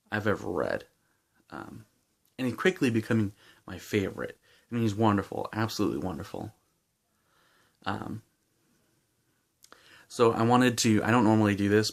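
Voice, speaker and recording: A man giving a casual, enthusiastic book review with lots of fillers and restarts while chewing gum. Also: fairly low pitch.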